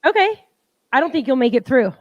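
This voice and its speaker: A high-voiced woman co-hosting a relaxed live stream from home. She is chatty and teasing and laughs easily, and her voice sounds close and dry with no room around it. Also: a little fast, no echo, highs cut off. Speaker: co-host. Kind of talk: casual live-stream chat.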